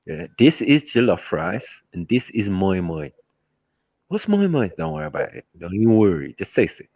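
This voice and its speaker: A man telling stories in a casual chat, animated and slangy, laughing often. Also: low-pitched, measured pace, no echo. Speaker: host.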